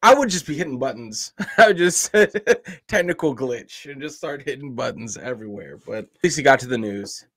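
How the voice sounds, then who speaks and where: A man's voice: mid-range voice, lively intonation, normal speed, few pauses, a bit bright, dry recording. An American man co-hosting a reaction video, talking casually with emphatic opinions. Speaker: reaction channel co-host.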